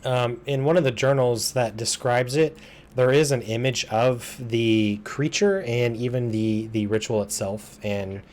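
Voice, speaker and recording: A man narrating as game master of a tabletop game, relaxed and hesitant. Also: medium pitch, unhurried.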